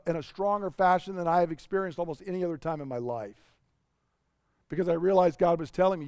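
A man's voice: high voice, smooth, no room sound, studio quality. A middle-aged man preaching a sermon, earnest and personal, often putting questions to his listeners. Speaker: pastor.

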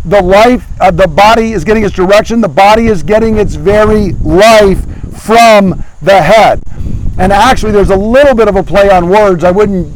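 A man's voice: high-pitched, normal speed, a little hiss or hum, rough recording. A middle-aged man preaching a sermon as pastor, earnestly asking his congregation questions as he teaches.

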